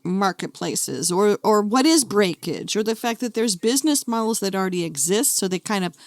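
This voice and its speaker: Woman, podcast host, mid pitch, chatty questions, dry close mic. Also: lively intonation, moderate pace, no echo. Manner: conversational, asks framing questions. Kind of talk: casual interview.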